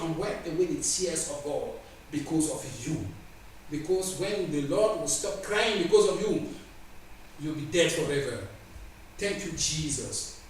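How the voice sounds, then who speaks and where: Male preacher, animated pitch, distant mic with faint hiss. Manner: emphatic, repeats phrases, voices God and the Spirit in quotes. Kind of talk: sermon. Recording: echoey room from far off with faint ambience.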